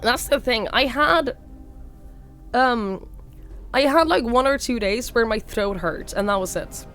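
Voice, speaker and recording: A young woman from Norway with a slight Norwegian accent, speaking hoarsely while sick, chatting casually on a live stream and thanking viewers by name. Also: a little high, measured pace, fairly bright tone, soft background music. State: hoarse, sick with a sore throat.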